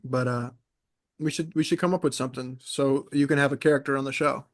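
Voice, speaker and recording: A man's voice: mid-range voice, fairly quick. Chatty young man from New York. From New York, USA. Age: 20s. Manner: animated, rambling, many fillers and restarts. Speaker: podcast co-host. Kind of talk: casual chat storytelling.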